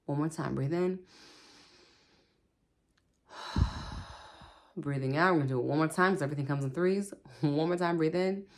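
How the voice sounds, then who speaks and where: Woman host, low voice, relaxed chatty spiritual pep talk to her viewers. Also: fast talker, slight background noise. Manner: chatty, laughs often, repeats "okay", speaks to viewers directly. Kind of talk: casual spoken advice.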